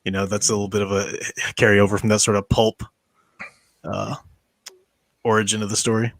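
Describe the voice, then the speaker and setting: A man hosting a casual film rewatch commentary, chatty and animated as he picks apart scenes. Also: lowish voice, fairly quick, no room sound. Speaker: podcast host.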